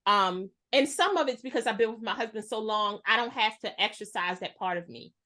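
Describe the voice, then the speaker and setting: A woman's voice: medium pitch, a little fast. A woman in her forties chatting casually as a podcast guest, telling stories and acting out voices. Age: 40s. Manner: animated storyteller, acts out voices. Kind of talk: casual conversation.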